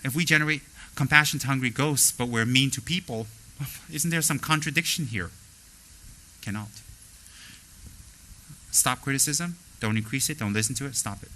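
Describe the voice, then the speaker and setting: Bright-voiced man giving a blunt dharma talk. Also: medium pitch, a little hiss or hum, low-quality recording. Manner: animated, mimics people in quoted asides; blunt, straightforward admonishing. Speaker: spiritual teacher.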